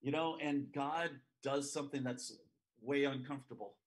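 A man preaching a sermon at a church service, telling a story with animated, joking asides. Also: mid-range voice, normal speed.

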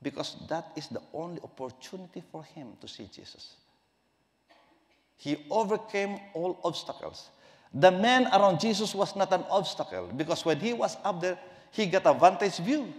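A man's voice: sits high, animated, moderate pace, in a large hall. A man preaching a sermon as pastor, emphatic and repeating key phrases.

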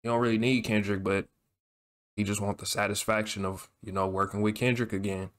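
A man hosting a music reaction, talking casually in excited slang and repeating himself as he reacts. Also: on the low side, brisk.

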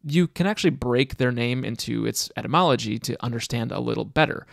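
A man's voice: mid-range voice, a little fast, vocal fry, no room sound, studio quality. A man narrating a video in a casual, speculative way. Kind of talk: scripted narration.

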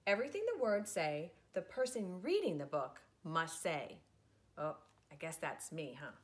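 A woman's voice: sits low, lively intonation, normal speed, slight background noise. A woman, a preschool teacher, reading a picture book aloud to children in a playful, theatrical way. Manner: playful, theatrical, switches into silly voices.

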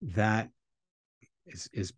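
A man with a lowish voice tells a story as an interview guest, animated and acting out the quotes. The sound is dry and close, with no room around it. He speaks as a rabbi in easy conversation. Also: very slow, breathy edge, no room sound.

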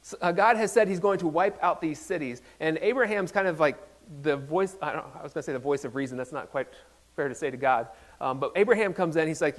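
A man preaching in a relaxed, conversational way, playful and self-deprecating, often stopping to restart a thought. His speaking voice sits slightly high for a man. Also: quick pace. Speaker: pastor. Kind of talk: casual conversational sermon.

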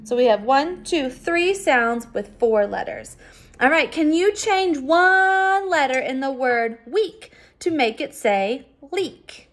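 A woman teacher giving a recorded phonics lesson for children, patient and sounding out words slowly. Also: high-pitched, lively intonation.

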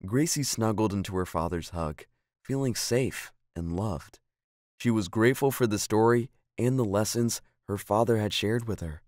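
A man reads a children's storybook aloud in a calm, clear and even way. His voice sits low. The sound is dry and close. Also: moderate pace, no room sound.

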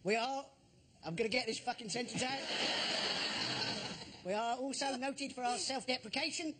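High-voiced man doing a stand-up bit. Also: normal speed, bright, forceful tone, slight background noise. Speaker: comedy panelist. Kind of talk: stand-up routine. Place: TV studio with audience.

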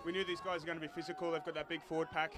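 An Australian man, a rugby player, answers a sideline interview at an outdoor stadium. He talks very fast in a level, even voice. He stays brisk and matter-of-fact. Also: on the high side, music in the background. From New South Wales, Australia. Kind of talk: post-try sideline interview.

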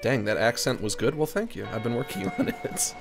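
A man's voice: medium pitch, very animated, fairly quick, gravelly, music in the background. A man chatting casually on a live stream in a playful, rambling, joking way.

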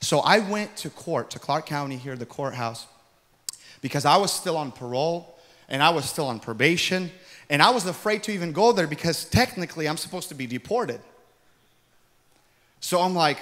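A man preaching a testimony sermon, telling his story in an animated way and acting out the dialogue, swinging from hushed to loud. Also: fairly high pitch, normal speed. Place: large church hall. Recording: long hall reverb.

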